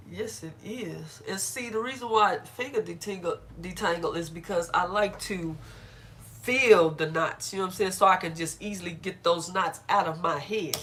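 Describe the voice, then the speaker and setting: A woman's voice: fairly low pitch, a bit bright, slight background noise. A middle-aged woman chatting casually on a live stream while doing her hair, laughing often and greeting viewers by name.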